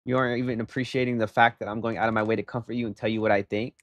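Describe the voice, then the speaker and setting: A young male streamer talks into a desk mic in emphatic, rambling casual chat, with plenty of "bro" and "okay?". His pitch sits in the middle range for a man. The sound is dry and close, with no room echo at all. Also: flat delivery, very fast. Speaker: livestreamer.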